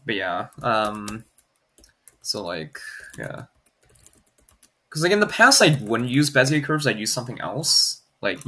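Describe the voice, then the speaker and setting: A man streams in a casual, rambling way, leaning on fillers and reading out comments as he goes. His voice swings widely in pitch and has a gravelly fry. The tone is bright with a husky grain. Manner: rambling, heavy on "like" fillers, reads chat aloud. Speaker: streamer graphing in Desmos. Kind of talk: casual livestream chat.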